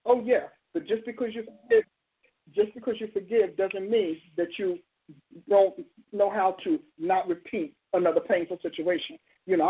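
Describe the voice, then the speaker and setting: Woman pastor in her sixties, husky, emphatic preacher's cadence, tinny phone-like line. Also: mid-range voice. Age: 60s. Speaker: pastor and call-in show host. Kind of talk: live call-in counsel and prayer.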